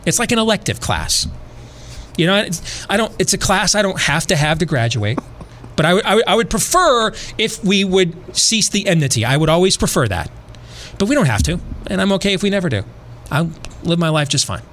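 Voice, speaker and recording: Podcast host, male, slightly high voice, animated and repetitive, dry asides. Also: brisk, a little hiss or hum. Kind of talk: casual storytelling.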